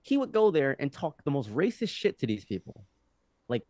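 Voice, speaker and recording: A young man in his twenties, a podcast guest telling a story in casual conversation, animated and often restarting his sentences. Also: fairly high pitch, moderate pace, no echo, clean studio sound. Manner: animated, with frequent restarts and acted-out quotes.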